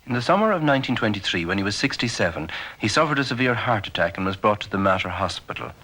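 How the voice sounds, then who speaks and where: A man narrating a documentary in a measured, formal scripted style. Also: fairly low pitch, very animated, background noise.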